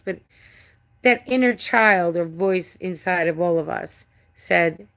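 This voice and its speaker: Middle-aged woman, live-stream host; low, gravelly, rambling delivery. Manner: rambling with restarts and swearing. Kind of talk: casual live-stream chat. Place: home with a cat.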